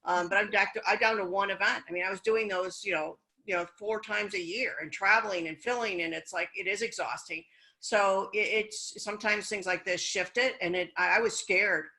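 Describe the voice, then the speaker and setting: A woman guest talks casually on a business podcast. Her voice is bright and forceful, and her delivery is chatty, frank and encouraging. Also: medium pitch, steady tone, normal speed, rough recording.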